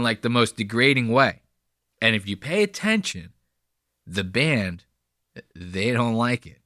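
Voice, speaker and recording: A man's voice: mid-range voice, pushed and bright, dry recording, clean studio sound. A man giving blunt, profane, chatty commentary on comedy clips. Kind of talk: casual commentary.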